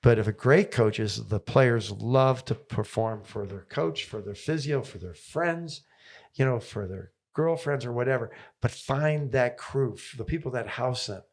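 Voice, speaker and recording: Gravelly older coach, fired up. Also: male voice, mid-range voice, a little slow. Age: 70s. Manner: enthusiastic, repetitive rallying phrases. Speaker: tennis coach. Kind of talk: interview guest storytelling.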